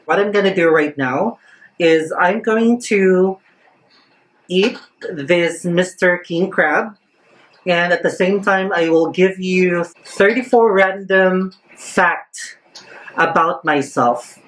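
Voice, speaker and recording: Man, thirties, Cebuano Filipino accent, mukbang vlog host, unhurried, eager. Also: sits high, a bit bright, low-quality recording. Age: 30s. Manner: switches between English and Cebuano, eager. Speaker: vlogger. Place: at home.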